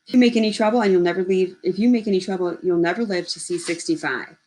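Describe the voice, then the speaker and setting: A woman reading the lines of a brutal grown man, speaking forcefully and threateningly in a lowish voice. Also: quick pace, close to an everyday voice, poor audio. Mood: menacing. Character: brutal grown white man, menacing, cruel.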